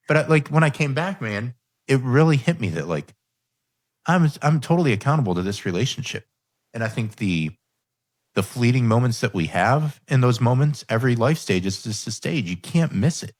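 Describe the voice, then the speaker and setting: A man's voice: medium pitch, no echo, studio quality. A man hosting a coaching podcast, telling a personal story in a candid, reflective way. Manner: candid, reflective, quotes his own thoughts. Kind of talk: earnest conversational storytelling.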